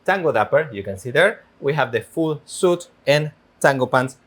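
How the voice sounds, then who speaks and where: A man in a tango class explains how to move. He speaks in an even, mid-pitched voice, agrees with his partner, and breaks each step down for the leaders. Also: moderate pace. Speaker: tango teacher. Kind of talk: dance lesson instruction.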